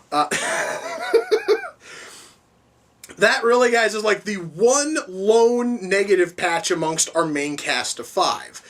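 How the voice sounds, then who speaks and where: A woman reviewing a film in a casual, profane, rambling way, full of restarts and fillers. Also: medium pitch. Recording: voice distant from the mic.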